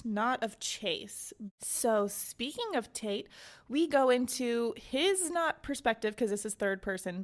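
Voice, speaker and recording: A woman in her twenties hosting a casual book recap podcast, retelling the story in a chatty way with lots of "like" fillers and little giggles. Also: on the high side. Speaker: podcast host.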